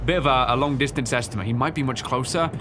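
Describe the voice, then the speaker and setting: A man giving let's play commentary on a horror game, joking and reacting excitably. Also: medium pitch, quick pace, background noise. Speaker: gaming YouTuber.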